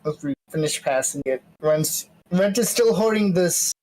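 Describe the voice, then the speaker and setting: A man playing a tabletop game, relaxed, thinking aloud and describing his moves with pauses. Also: on the high side, poor audio. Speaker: player.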